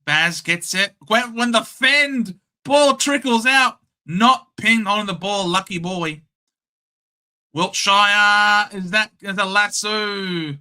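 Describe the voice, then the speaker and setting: A young Australian man hosting a casual live watchalong, calling the play in a chatty, excitable and blunt way. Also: high voice, takes it slowly. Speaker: host. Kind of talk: casual live match commentary.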